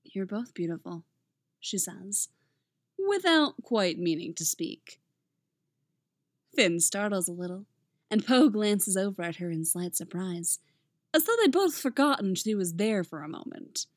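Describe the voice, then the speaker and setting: A woman reading fan fiction aloud in a gentle, intimate storytelling manner. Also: mid-range voice, very animated, measured pace, no room sound, clean studio sound. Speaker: audiobook reader.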